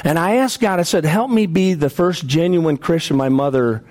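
A man's voice: a little high, normal speed, a little mellow. A man preaching a sermon, telling personal stories earnestly and often repeating and restarting his words.

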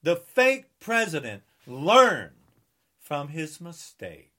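A man's voice: a little high, huge pitch swings, takes it slowly, bright, forceful tone. A man in his sixties delivering an angry political rant, combative and taunting, with heavy repetition. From United States. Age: 60s. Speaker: political ranter.

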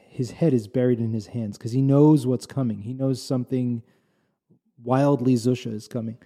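Gravelly, dark-voiced male storyteller. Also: medium pitch. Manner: animated, rambling with restarts and asides. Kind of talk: casual spoken storytelling.

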